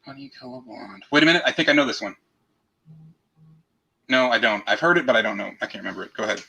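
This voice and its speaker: A man's voice: mid-range voice, expressive, fast, creaky, sharp tone, slightly rough, low-quality recording. A man hosting a live joke stream, bantering casually, mocking himself and adding rimshot noises after punchlines. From half Mexican heritage. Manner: goofy, self-mocking, adds rimshot sound effects.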